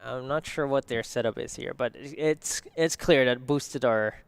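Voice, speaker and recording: A man giving live esports commentary, analytical and joking, quick to react. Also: mid-range voice, creaky, clean tone, no echo. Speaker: esports caster.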